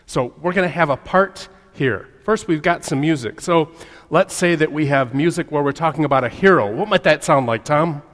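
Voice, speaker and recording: A man's voice: a little high, normal speed, a bit bright. A man preaching a lighthearted sermon, joking and chatting with his congregation. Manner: jokey, chatty, talks with the audience. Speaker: pastor. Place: church hall. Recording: echoey church hall with long reverb.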